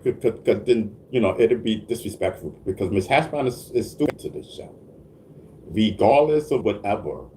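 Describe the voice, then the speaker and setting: A man's voice: medium pitch, a little mellow, slight background noise. A man hosting a casual livestream, answering his chat with stammered restarts, frequent laughter and repeated check-ins with the viewers. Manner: stammering restarts, frequent laughs, keeps asking "you know what I mean".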